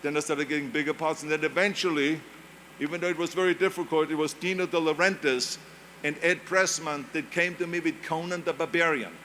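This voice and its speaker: A man's voice: on the high side, steady tone, fairly quick, sharp tone, a little hiss or hum. Older man with a German accent. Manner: emphatic storytelling with repetition. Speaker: commencement speaker. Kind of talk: motivational speech. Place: large graduation ceremony venue.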